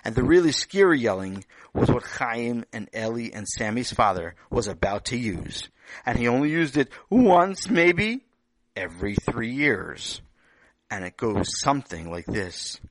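Animated man telling a children's story. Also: medium pitch, unhurried, dry recording, low-quality recording. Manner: animated, self-joking asides, stammers. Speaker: storyteller, lecturer.

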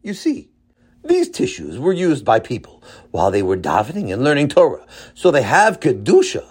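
A man voicing a bumbling adult man who thinks he is a great tzaddik, in a high, whiny, emotional voice. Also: wildly swooping pitch, normal speed, a little mellow, breathy edge. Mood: proud.

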